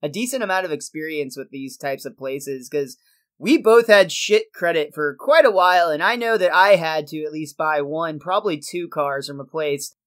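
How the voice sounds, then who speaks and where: A man's voice: a little high, normal speed, fairly bright tone. Laughing man recapping an episode. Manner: laughs often, loose joking storytelling. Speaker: podcast co-host. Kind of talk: casual chat recapping a cartoon episode.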